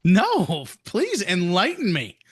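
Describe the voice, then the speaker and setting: A man's voice: sits high, huge pitch swings, takes it slowly, a bit bright, slightly rough. A man co-hosting a podcast in casual chat, playful and cheeky, often laughing as he talks. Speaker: podcast co-host.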